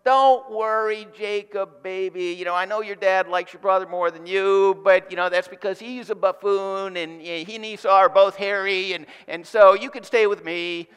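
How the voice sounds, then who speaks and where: A man's voice: high-pitched, fairly even intonation, normal speed, few pauses, fairly bright tone, smooth, voice pushed up. A man voicing a doting mother who coos reassurance to her favorite son, in a sermon with a reverberant hall sound. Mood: coddling. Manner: cooing, reassuring, gossipy.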